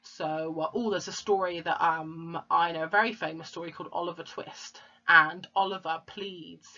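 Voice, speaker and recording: A woman teaches a home-learning lesson, speaking slowly and patiently as if to young children. Her voice sits a little low but sounds bright and forceful. The recording is dull and lo-fi. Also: fairly even intonation. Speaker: primary school teacher.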